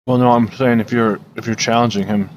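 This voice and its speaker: A man's voice: mid-range voice, steady tone, a little fast. A man acting as game master, describing the action and explaining rules at length in casual table talk.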